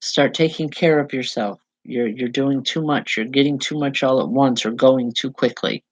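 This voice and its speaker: A woman medium giving a live spiritual reading to viewers, speaking in halting, repeated phrases with soft reassurance. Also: extremely low pitch, dry recording, low-quality recording. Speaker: psychic medium.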